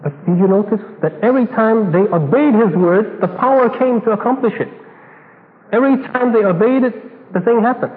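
A male preacher giving a sermon, animated and full of rhetorical questions and acted-out dialogue. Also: sits high, normal speed. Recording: tinny echoey hall recording, faint hiss.

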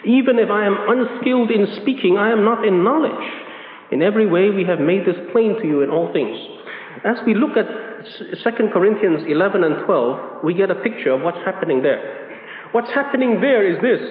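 High-pitched preacher in an echoing hall. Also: male voice, a little hiss or hum. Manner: emphatic, repeats key phrases with rising pitch. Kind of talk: sermon. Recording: echoey hall on a tinny lo-fi line.

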